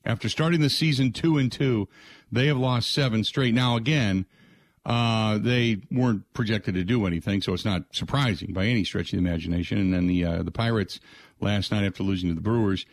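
A man's voice: fairly low pitch, a little fast, no echo. A man hosting a sports radio show, talking casually through last night's game with plenty of fillers. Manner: conversational, frequent "uh" fillers, rattles off game stats. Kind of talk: sports talk radio monologue.

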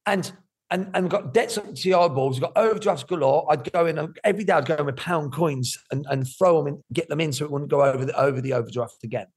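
A middle-aged man, talking candidly about his life in an interview, animated and swearing freely. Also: a little high, fast, husky. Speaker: guest.

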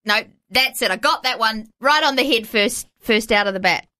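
A woman co-hosting a radio show in casual chat, warm and giggly. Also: on the high side, moderate pace. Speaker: radio co-host.

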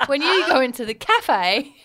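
A woman's voice: high-pitched, very animated, moderate pace, pushed and bright. A woman, co-hosting a casual podcast, chatty and often laughing. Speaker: podcast co-host. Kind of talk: casual chat.

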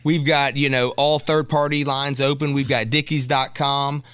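A man's voice: medium pitch, level tone, normal speed, fairly bright tone, clean tone. A man with a Southern accent, a restaurant guest on a radio show, talking casually with many fillers and restarts. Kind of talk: casual promotional chat.

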